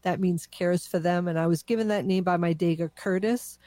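A woman's voice: lowish voice, fairly even intonation, fairly quick, dark tone, no echo. A woman guest on a radio show, talking about animal causes in a friendly, conversational way with easy laughs. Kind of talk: casual radio chat.

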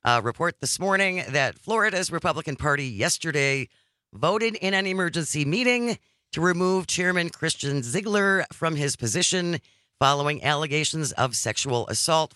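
Bright-voiced male radio talk host. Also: fairly high pitch, lively intonation, moderate pace, no echo, studio quality. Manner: reads listener texts and news, wry and conversational. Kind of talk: live political talk radio. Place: radio studio. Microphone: studio microphone.

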